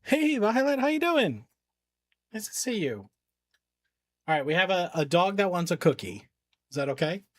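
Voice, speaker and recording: A man's voice: sits high, big pitch swings, moderate pace, long pauses, dry recording, clean studio sound. A man streaming games for charity, chatting casually with viewers and his dog. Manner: chatty, talks to his dogs and chat. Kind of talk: casual live-stream chat.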